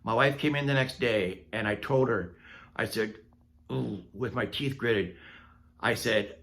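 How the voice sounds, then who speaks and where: A man's voice: mid-range voice, unhurried, vocal fry, a bit bright. A man vlogging a personal story in a casual, candid way, laughing at himself as he goes. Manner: candid and self-mocking, laughing at his own misery.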